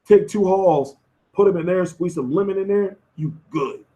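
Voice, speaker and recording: Man, live-stream host, hoarse, loose profane banter, slightly high voice. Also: normal speed, dark tone, lo-fi sound. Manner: loose, profane, slangy banter answering chat. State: losing his voice. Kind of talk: casual live-stream chat.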